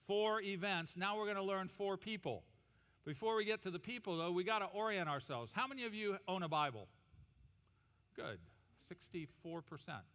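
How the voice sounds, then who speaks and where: A male pastor preaching an animated, humorous sermon and leading the congregation in call-and-response. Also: high voice. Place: church auditorium. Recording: reverberant church hall.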